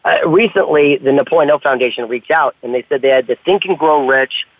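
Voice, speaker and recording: A man telling stories in a casual conversation, animated and acting out the dialogue he quotes. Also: mid-range voice, a little fast, dry recording. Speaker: author and podcast guest. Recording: tinny phone-like line.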